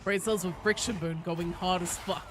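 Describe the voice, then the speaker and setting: A woman's voice: lowish voice, steady tone, normal speed. A woman streaming a game, chatting casually with her chat, joking around and cursing freely. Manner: chatty, swears freely, jokey. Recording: noisy home stream audio.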